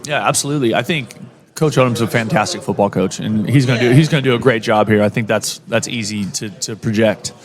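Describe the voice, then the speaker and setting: A middle-aged man, a college football head coach, talking upbeat as a radio interview guest, often restarting his sentences. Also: on the low side. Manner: upbeat, talks in quick bursts with many restarts.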